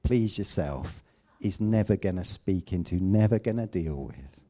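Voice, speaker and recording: A man preaching a sermon, emphatic, with loud declamations and quiet asides. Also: low voice.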